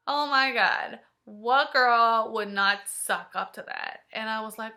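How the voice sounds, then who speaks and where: Slow, bright-voiced woman telling a story. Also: a little high. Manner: emotional, halting storytelling with hushed asides. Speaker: vlogger. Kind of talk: personal storytime.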